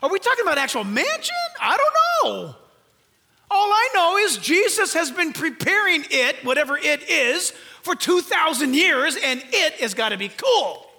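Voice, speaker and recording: An older male pastor preaching with a very high, nasal voice that rings bright and sharp. He drives home each point with earnest emphasis, rhetorical questions and flashes of humor. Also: lively intonation, normal speed, few pauses. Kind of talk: sermon.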